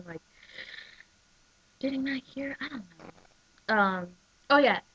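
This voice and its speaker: A woman in casual chat, talking excitably with lots of "like" and "um" as she recaps a soap episode on her webcam. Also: medium pitch. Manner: chatty and excitable, full of "like" and "um". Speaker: soap opera recap vlogger. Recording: dull lo-fi webcam audio.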